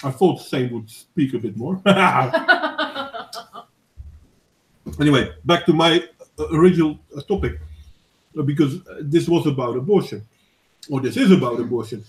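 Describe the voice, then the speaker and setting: A man's voice: on the high side, big pitch swings. Earnest man in an echoey room. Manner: earnest, measured, with frequent restarts. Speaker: host of a voice chat discussion. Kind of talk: casual debate.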